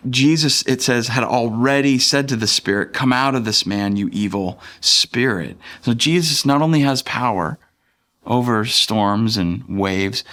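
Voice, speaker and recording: A man's voice: medium pitch, fairly bright tone. Dad-ish pastor in his 30s preaching, chatty and jokey, does little voices for the bible bits. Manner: conversational and playful, acting out voices from the scripture. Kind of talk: sermon.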